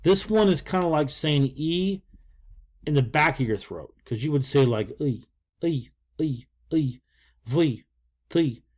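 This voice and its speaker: A man's voice: on the high side, measured pace, a little mellow. An older man talks through a casual video lesson as a language teacher. He rambles along with folksy jokes and asides, with plenty of fillers between points.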